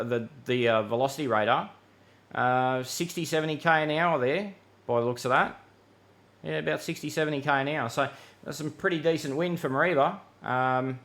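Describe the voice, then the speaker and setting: A man's voice: fairly high pitch, a bit bright. A man with an Australian accent hosting a live weather Q&A, talking casually and easily, calling people mate and thinking aloud with fillers. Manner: laid-back, chatty, calls people mate, many fillers. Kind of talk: casual live-stream chat.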